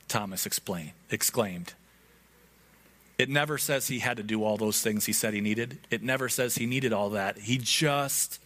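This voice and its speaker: A man's voice: mid-range voice, normal speed, long pauses, pushed and bright. Earnest man preaching a sermon. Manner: earnest, conversational preaching with direct address. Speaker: pastor. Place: church hall before a congregation.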